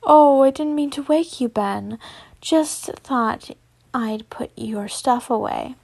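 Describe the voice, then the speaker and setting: A woman's voice: on the high side, takes it slowly, vocal fry, darkish tone, no echo, full character voice. A woman reading as a teasing young man. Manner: reads casually, stumbling.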